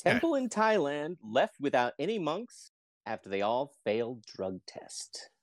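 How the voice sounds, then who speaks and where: A man hosting a casual podcast quiz game, reading out headlines slowly and laughing often. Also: mid-range voice, big pitch swings, no echo, clean studio sound. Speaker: quiz host.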